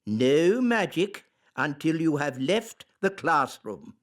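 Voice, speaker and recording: A man voicing a stern elderly male elf teacher in a children's cartoon, measured and admonishing. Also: on the high side, big pitch swings. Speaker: wise old elf.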